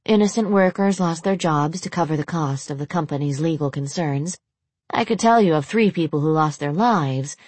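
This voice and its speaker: A woman voicing a calm, formal, emotionally detached female spirit who speaks to her master. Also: sits low, no room sound.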